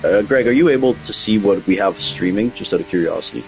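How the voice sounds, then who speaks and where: Deep-voiced man leading sim racing commentary. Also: lively intonation, fast talker, creaky, soft background music. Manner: chatty, conversational, playful with driver nicknames. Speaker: lead commentator.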